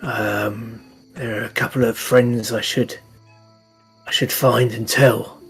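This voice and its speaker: Give me a man as a modest, friendly adventurer with a gravelly voice and faint music behind. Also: medium pitch, flat delivery, takes it slowly, heavily acted. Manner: modest, warm-hearted speech. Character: humble, friendly male adventurer.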